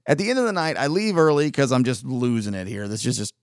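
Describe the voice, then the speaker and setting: A man's voice: medium pitch, fast, smooth, no room sound, studio quality. A man talking in a casual, rambling monologue, exasperated and full of restarts.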